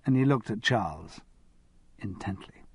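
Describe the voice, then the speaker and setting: A man narrating an audiobook in an expressive storytelling manner. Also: on the low side, a little slow, slightly rough. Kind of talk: scripted narration.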